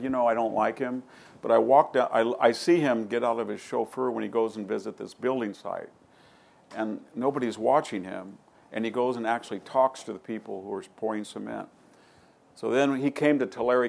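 A man with a low, gravelly voice takes a question from the audience in a lecture hall. He answers through rambling stories and slips into the voices of the people he quotes. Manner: anecdotal, acts out quoted dialogue. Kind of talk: conversational Q&A storytelling.

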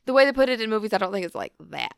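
A woman's voice: fairly high pitch, big pitch swings, rapid-fire, vocal fry, clean tone. A woman co-hosting a podcast talks casually and answers with blunt, skeptical remarks. Her voice sits close to the mic with no room echo. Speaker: podcast co-host. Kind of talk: casual conversation.

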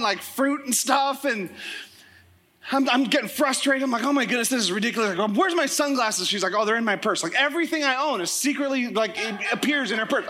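A man preaching a sermon as pastor, telling joking stories in a lively way to his congregation. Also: very high-pitched, noisy background. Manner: animated, joking storytelling. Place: church service with congregation.

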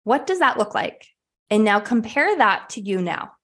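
A woman's voice: on the high side, big pitch swings, normal speed, a bit bright. A woman hosting a podcast who talks candidly and with energy, sometimes swearing casually, while coaching her listeners at home. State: sweaty and a bit winded. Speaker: podcast host. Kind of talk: motivational podcast monologue. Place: at home, puppy in the room.

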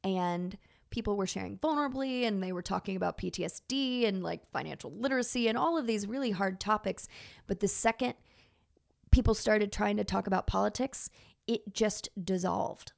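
A woman's voice: mid-range voice, normal speed, vocal fry. A woman in her thirties, a teacher, telling a personal story in an earnest, emotional way with many fillers.

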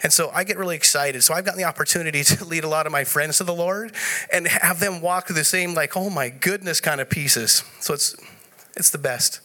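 Man, conference speaker, bright and lively, slightly high voice, storytelling with laughs. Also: brisk. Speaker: conference speaker sharing testimony. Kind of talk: live conference talk. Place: conference room before an audience.

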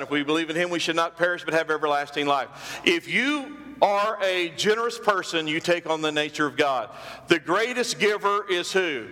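A man preaches in a church, his voice pitched high and ringing bright. He repeats phrases for emphasis and throws questions out to the congregation. A long reverb trails every line through the hall. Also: moderate pace. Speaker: pastor. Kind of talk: sermon. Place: church sanctuary.

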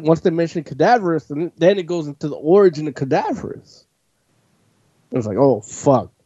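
A man with a dark, mellow tone rambles through a casual chat, swearing and packing his talk with "like". The sound is dry and close, on a dull, lo-fi recording. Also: on the high side, dry recording. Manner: rambling, profane, full of "like". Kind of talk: casual chat, recapping a comic. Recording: dull lo-fi audio.

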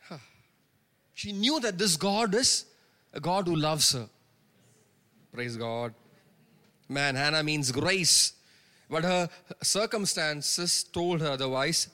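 A man's voice: fairly high pitch, animated, takes it slowly, pauses often, pushed and bright. Man preaching in a reverberant church. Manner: emphatic preaching with repeated phrases and call-and-response "Amen?". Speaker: pastor. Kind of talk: sermon. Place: church sanctuary. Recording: long reverb of a church hall.

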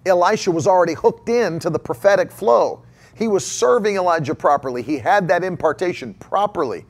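A man's voice: sits high, animated, fairly quick. A male preacher delivering a sermon emphatically, repeating key phrases and posing rhetorical questions to the congregation.

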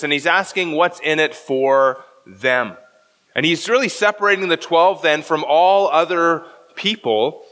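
A man's voice: fairly high pitch, pushed and bright, big-room sound. A man preaching a sermon as pastor, walking through a scripture passage verse by verse and explaining the original Greek.

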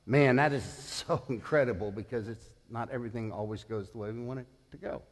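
A man's voice: mid-range voice, brisk, big-room sound. A man in his sixties preaching a sermon as pastor, conversational, putting questions to the congregation. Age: 60s.

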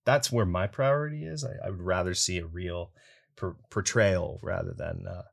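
A man's voice: low voice, moderate pace, vocal fry. A man from Canada, a voice actor, talking casually in an interview with lots of fillers and easy laughs. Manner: chatty, frequent fillers and laughs. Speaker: voice actor guest.

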